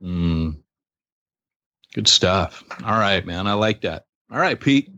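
Male podcast host, low and jokey, dry dull close sound. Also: takes it slowly, no room sound. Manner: jokey, animated, laughs easily. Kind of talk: casual podcast chat.

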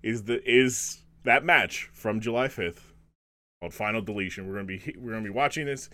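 With a voice on the low side that sounds pushed and bright, a male podcast host chats casually. He rambles, often breaking off to restart and filling gaps with fillers.

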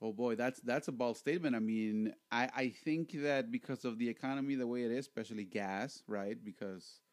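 A man hosting a casual podcast chat. He is jokey and animated, and he often repeats his words. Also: mid-range voice, brisk. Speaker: podcast host.

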